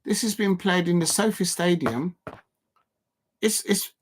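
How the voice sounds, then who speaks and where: With a high, slightly rough voice that runs a little slow, an excitable middle-aged man provides live watch-along commentary on a football game. He's loose and chatty, reacting in real time, reading chat aloud and addressing viewers.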